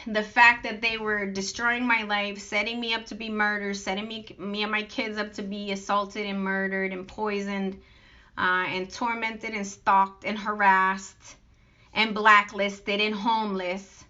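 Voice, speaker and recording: Aggrieved woman ranting to camera, sharp bright voice, dull lo-fi sound. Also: mid-range voice, level tone, a little slow. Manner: aggrieved, emphatic, piles up long lists. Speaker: vlogger addressing critics. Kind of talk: unscripted monologue. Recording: dull lo-fi recording.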